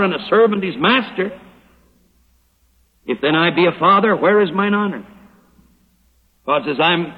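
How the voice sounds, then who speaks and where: An older man preaches with emphatic, drawn-out stress on every verse he quotes. His voice sits high and a little husky. It comes through a dull, lo-fi old radio recording with a long hall reverb. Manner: emphatic, slows down to stress scripture. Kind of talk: sermon. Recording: hollow old radio broadcast with hall echo.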